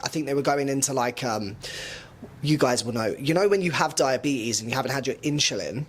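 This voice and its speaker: A man hosting a podcast interview, telling an anecdote in a quick, animated casual way. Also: medium pitch, slight background noise. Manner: fast, animated storytelling. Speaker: podcast host.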